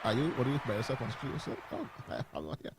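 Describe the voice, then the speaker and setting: Jokey radio co-host man, lively voice. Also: mid-range voice, rapid-fire, background noise. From Bahamas. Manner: jokey, laughs often, trails off quietly. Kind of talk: casual morning show chat. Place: radio studio.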